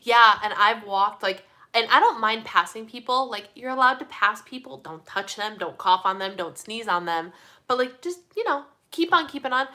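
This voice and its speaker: A young woman chatting casually on a live stream, reading viewer comments, animated and full of fillers like "like". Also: a little high, normal speed. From Midwestern United States. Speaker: host of a live community chat.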